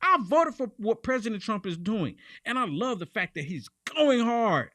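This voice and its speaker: A man's voice: high-pitched, big pitch swings, normal speed, pushed and bright, dry recording. A man hosting a political commentary show, talking emphatically and repeating lines for punch.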